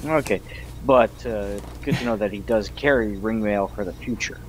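A laid-back man plays a tabletop game. His voice sits low, and his replies are dry. Clear background noise runs under him. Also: normal speed. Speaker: player. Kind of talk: casual tabletop game play.

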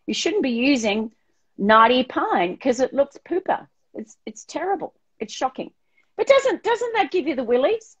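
A woman's voice: sits high, very animated, normal speed, husky. An Australian interior designer woman chatting bluntly and theatrically on a live stream, calling everyone darling and swearing mildly. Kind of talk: casual live-stream chat. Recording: dull lo-fi stream audio.

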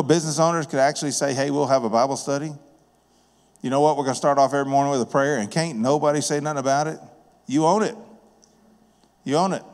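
A man preaches in a folksy, plain-spoken way, his voice sitting at an ordinary middle pitch. He talks to the room like he's chatting with neighbors. Long reverb from the church hall trails behind every phrase. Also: darkish tone. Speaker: guest preacher and business owner. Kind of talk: sermon with personal storytelling. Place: church sanctuary.

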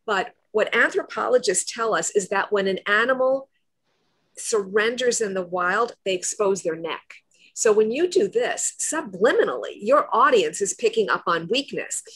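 A woman's voice: mid-range voice, lively intonation, normal speed, a bit bright, breathy edge. Confident woman coaching on presentations. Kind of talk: guest on a video-call talk show.

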